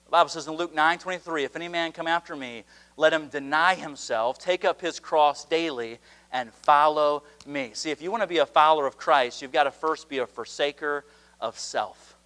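Fervent high-voiced male preacher. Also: bright, forceful tone. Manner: impassioned, rising to fervent climaxes with slowed emphatic phrases. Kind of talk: revival sermon. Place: church at an evening revival meeting.

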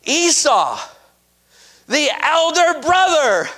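High-voiced preacher man. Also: very animated, drawn-out words. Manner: emphatic, swings from shouting to hushed. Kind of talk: sermon.

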